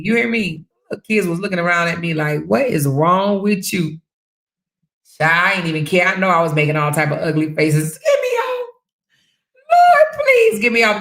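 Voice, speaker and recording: A woman hosts a casual livestream, talking straight to her viewers and reading out their comments. Her voice has a gravelly edge, and she gets loud and animated when she tells a story, swearing freely as she goes. The sound is a bit roomy and echoey. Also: fairly low pitch. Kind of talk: casual chat.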